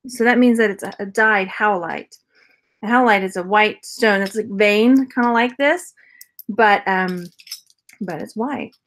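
A woman's voice: mid-range voice, unhurried, a bit bright. A woman casually chatting through a jewelry unboxing haul as a reseller vlogger, rambling, laughing often and answering viewer comments. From Texas.

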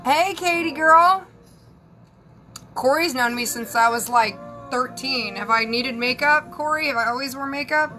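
Chatty high-voiced Southern woman. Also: fairly even intonation, normal speed, pushed and bright, soft background music, low-quality recording. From Southern United States. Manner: chatty, candid and playful, talking to viewers while doing her hair and makeup. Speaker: psychic and spiritual advisor. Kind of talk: casual live-stream chat.

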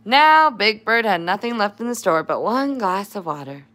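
A woman's voice: mid-range voice, animated, moderate pace, fairly bright tone. A woman reading a picture book aloud to children, adding chatty asides to her young listeners. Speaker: storybook reader.

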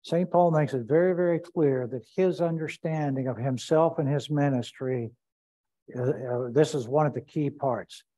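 Man, pastor, bible study teaching, deliberate, repeats phrases, dark mellow voice. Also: fairly high pitch, low-quality recording.

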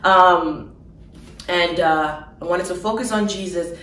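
A woman telling of her dream in an emotional personal testimony, halting with fillers and soft laughs. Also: on the low side, echoey room, distant mic, slight background noise, poor audio.

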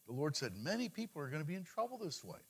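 A man preaching a sermon, asking the congregation questions and answering them himself, rising loud and high for emphasis and dropping low and quiet for scripture. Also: sing-song, quick pace, slightly rough. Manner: preaching with call-and-response questions. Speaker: pastor.

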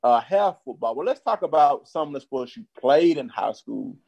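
A man's voice: on the high side, moderate pace, gravelly, husky. Laid-back male co-host asking questions. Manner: relaxed, loose questions with fillers. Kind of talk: casual interview chat.

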